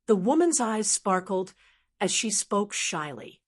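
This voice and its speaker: A woman narrating a martial arts novel audiobook in a steady, even storytelling manner. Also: medium pitch, unhurried. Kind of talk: scripted narration.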